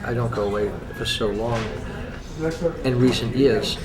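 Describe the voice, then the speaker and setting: A man's voice: mid-range voice, flat delivery, unhurried, crowd noise. A man, a restaurateur, speaking reflectively in an interview, often stopping and repeating words. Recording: loud music behind the voice.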